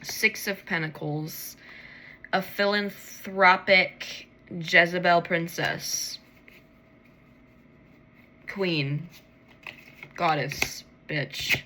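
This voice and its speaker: A woman's voice: on the low side, steady tone, drawn-out words, pauses often, bright, forceful tone. A tired woman rambling to herself late at night as she pulls tarot cards, swearing freely and yawning. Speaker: tarot reader.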